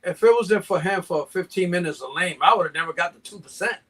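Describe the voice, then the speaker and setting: Joking, high-voiced older man telling stories. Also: fairly quick, crowd noise. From Mexico. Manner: joking storyteller, acts out sales banter. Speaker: guest reptile breeder. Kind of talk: casual live chat.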